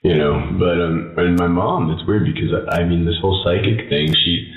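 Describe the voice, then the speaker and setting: A man's voice: deep voice, normal speed, slight background noise. A man hosting a radio talk show, chatting in an easygoing way with his guests. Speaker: host. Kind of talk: casual interview chat. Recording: echoey, tinny phone-line sound.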